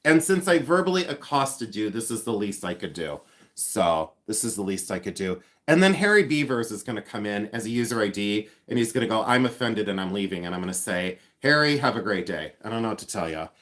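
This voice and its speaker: Brisk and sing-song, his lowish voice carries a bit of brightness as he runs a laid-back live chat. The host, a man in his fifties, teases viewers by name, pokes fun at himself, and hums and scats little tunes.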